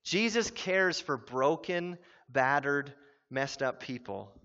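A man in his thirties preaching a sermon as pastor, telling stories with quick voiced asides. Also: medium pitch, expressive, sharp tone. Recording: muffled sound in a reverberant hall.

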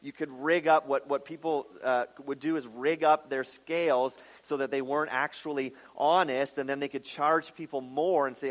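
A man's voice: on the high side, moderate pace, long reverb tail, lo-fi sound. A man preaching through a Bible passage verse by verse, explaining it in a casual, conversational way with frequent asides. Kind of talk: bible teaching sermon.

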